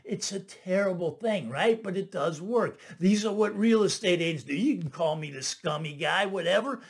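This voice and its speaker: A man's voice: sits high, normal speed, breathy edge. A middle-aged man who works as a real estate agent hosts his own channel, explaining things in casual commentary. He repeats phrases for emphasis and keeps asking "right?". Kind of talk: casual talking-head commentary.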